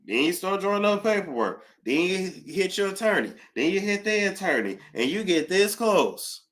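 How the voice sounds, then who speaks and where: Chatty male livestream host with a bright, forward voice; animated and talkative. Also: high voice, normal speed. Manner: animated, chatty, reading out donor thanks. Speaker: YouTube gossip host. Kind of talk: casual livestream chat.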